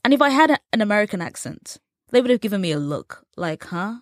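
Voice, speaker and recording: Casting note: English woman in her 30s, lively interview guest, middle pitch, dry close mic. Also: fast, dry recording. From England. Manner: animated storyteller, acts out quoted voices. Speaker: guest, journalist. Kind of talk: casual interview chat.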